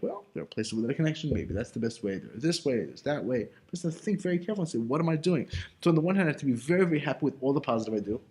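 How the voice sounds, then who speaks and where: A man teaching an informal Torah class in a loose, conversational way, full of casual fillers and rhetorical questions. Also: on the high side. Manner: asks himself rhetorical questions.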